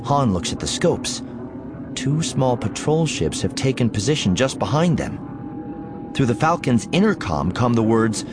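A man narrating a story chapter in an expressive, playful way. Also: mid-range voice, unhurried. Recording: background music under the voice.

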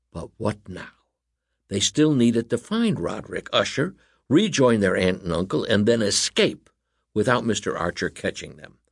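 Guy reading a kids story, really lively up and down delivery, dry close mic. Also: medium pitch, vocal fry, no room sound. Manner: animated, expressive reading. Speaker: narrator. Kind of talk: scripted storybook narration.

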